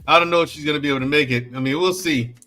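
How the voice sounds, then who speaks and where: A man on a podcast panel, telling animated stories and laughing as he talks. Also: on the high side, very fast, soft background music. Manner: animated storyteller, laughs while talking. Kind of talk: casual panel chat.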